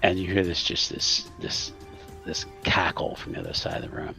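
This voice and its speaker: A man narrating as game master for a tabletop game, pausing often with fillers. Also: low-pitched, sing-song, gravelly, sharp tone, faint music behind. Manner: halting, filler-heavy narration.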